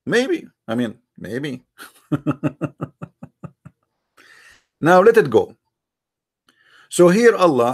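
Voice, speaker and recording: A man hosting a live-streamed religious debate, speaking with a mocking, argumentative tone, firing rhetorical questions at his viewers in non-native English grammar. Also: a little high.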